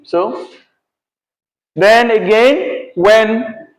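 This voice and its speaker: A man's voice: high voice, slow pace. A male teacher, teaching a class patiently and checking in often with "yeah?" and "right?". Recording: echoey classroom.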